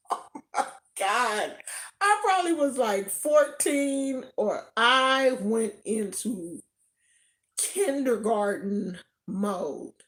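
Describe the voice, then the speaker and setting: A woman from California telling a personal story in a casual, animated way, often laughing. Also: a little high, very slow. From Oakland, California. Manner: animated, laughs often, acts out quoted voices.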